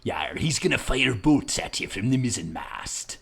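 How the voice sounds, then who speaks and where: A man voicing a gruff, boozy male pirate who talks in salty sea-dog slang over a video game. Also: medium pitch, big pitch swings, normal speed, a bit bright, exaggerated voice. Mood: swaggering.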